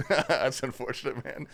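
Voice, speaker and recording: A man's voice: mid-range voice, vocal fry, fairly bright tone. A man streaming a game live, chatting casually with viewers, laid-back and swearing often, calling everyone bro and man. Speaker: livestreamer. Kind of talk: casual gaming livestream chat.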